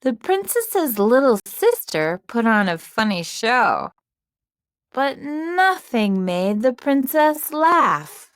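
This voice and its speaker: A woman narrating a children's writing lesson and storybook in a slow, clear delivery. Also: a little high, sing-song, dry recording, studio quality. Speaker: teacher narrator.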